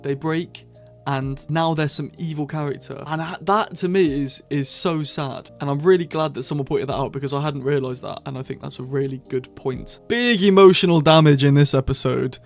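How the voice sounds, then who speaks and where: A man chatting excitedly as he reviews episodes of a TV series, full of quick asides. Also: fairly high pitch, faint music behind. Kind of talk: casual review monologue.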